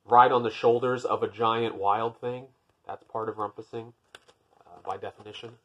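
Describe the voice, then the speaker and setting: A man's voice: mid-range voice, fairly even intonation, normal speed, slightly rough, lo-fi sound. A man reading a picture book aloud, breaking off for dry, wry, self-deprecating jokes between the pages. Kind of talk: storybook reading with joking asides.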